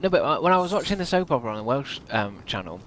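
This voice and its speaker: Male streamer, middle pitch, casual rambling chat over gameplay, swears at mishaps. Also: very animated, fast talker, fairly bright tone, slight background noise. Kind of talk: casual live-stream chat while gaming.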